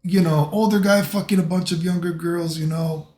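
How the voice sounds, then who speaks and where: A man's voice: fairly high pitch, steady tone, normal speed, mellow, roomy sound. A middle-aged man from the United States, talking in a casual, rambling monologue full of filler phrases. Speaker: vlogger.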